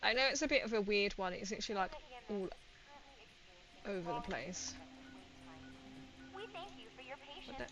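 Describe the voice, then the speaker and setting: A woman's voice: mid-range voice, sing-song, a little slow, pauses often, music in the background, rough recording. A woman streamer chatting casually and rambling as she plays a game, laughing often and reading out viewer comments. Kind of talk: casual livestream chat while gaming.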